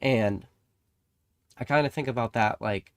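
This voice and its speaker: Speaking at a normal speed, this trading card channel host, a young man with a fairly low voice, rambles casually through a monologue. Stories bring out emphatic moments, free swearing and acted-out voices, and the sound is dry and close.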